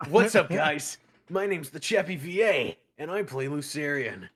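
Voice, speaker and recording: A man jokes around as a player in a tabletop game, often breaking into laughter. His voice sits high and swings widely in pitch. He speaks slowly. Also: animated, fairly bright tone, breathy edge. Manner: joking, giggly. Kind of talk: casual tabletop play.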